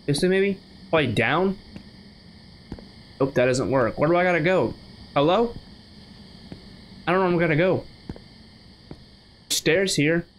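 A man's voice: on the high side, a little hiss or hum. A man from the United States giving chatty, casual commentary while playing a game, thinking aloud with many restarts. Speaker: gaming channel host. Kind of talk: casual let's-play commentary.

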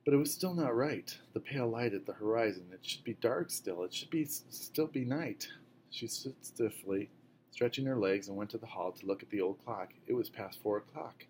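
A man reading a novel aloud in a steady way, now and then correcting a slip. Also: fairly low pitch, normal speed, a little hiss or hum, low-quality recording. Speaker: reader.

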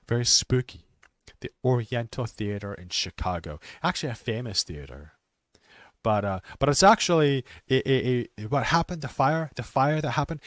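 A man who talks slowly and simply for English learners, with many restarts, and sometimes trails off into quiet muttering. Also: mid-range voice, no echo, studio quality. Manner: slow, simple wording with many restarts and fillers; drops to quiet mutters while fixing his stream. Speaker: ESL teacher streaming. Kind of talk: casual talk for English learners.

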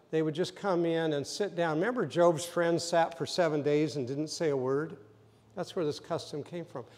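A man preaching a sermon as pastor, telling the story vividly and acting out scenes, sometimes rising to loud emphasis. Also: a little high, in a large hall. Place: church sanctuary.

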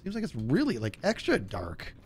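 A man streaming a game, telling a story in a casual way and acting out the people in it with a higher voice, laughing often. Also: normal speed, a little hiss or hum. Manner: animated, acts out quotes in a higher voice, laughs often. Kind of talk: casual storytelling while gaming.

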